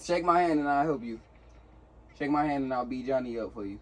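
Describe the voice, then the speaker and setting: A man's voice: medium pitch, lively intonation, fairly quick, slight background noise. A young man playing a prank on his uncle, teasing and taunting playfully. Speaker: prankster, nephew. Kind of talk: prank video banter.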